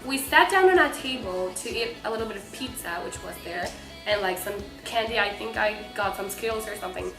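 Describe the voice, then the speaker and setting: Bubbly young woman, bright echoey voice. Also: on the high side. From Mexico. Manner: bubbly, breathless, lots of "like". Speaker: vlogger. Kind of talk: excited storytelling to camera. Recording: echoey room with faint music.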